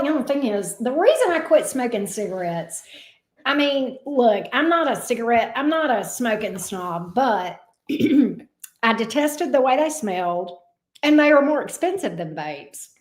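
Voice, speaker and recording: A woman's voice: a little high, big pitch swings, a little slow. A woman in her fifties hosting a livestream as a tarot reader, chatting casually with viewers, blunt and profane, laughing easily. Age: 50s. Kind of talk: casual livestream chat reading viewer comments.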